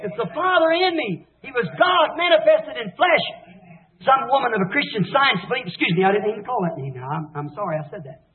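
A man preaching an impassioned revival sermon, fervent, swinging between shouts and hushed low passages. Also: sing-song, fairly quick. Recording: echoey, tinny old sermon tape.

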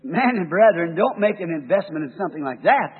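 A man preaches a fervent, emphatic sermon in a high, husky voice. The sound is a thin, phone-like old tape, with the long reverb of a large hall behind him. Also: lively intonation, fairly quick. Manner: fervent, rising to emphatic peaks.

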